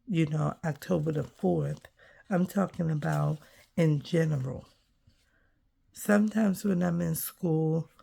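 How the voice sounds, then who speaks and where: Brief: woman vlogger, slow and gravelly, soft and reflective, low-pitched. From United States. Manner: soft-spoken, musing, trails off with ums. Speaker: crafting vlogger. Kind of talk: reflective casual vlog while gluing paper.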